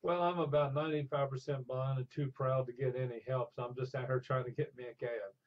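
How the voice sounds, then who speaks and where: Older man, husky voice, animated storyteller, dull lo-fi recording. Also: mid-range voice, a little fast. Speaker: interview guest. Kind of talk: storytelling in a conversational interview. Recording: dull lo-fi sound.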